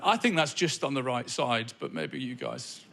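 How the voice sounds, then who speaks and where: A man's voice: medium pitch, huge pitch swings, normal speed, very noisy. A male stand-up comedian on stage, talking to the crowd in a wry, conversational way full of observational asides. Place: comedy club stage before a live audience.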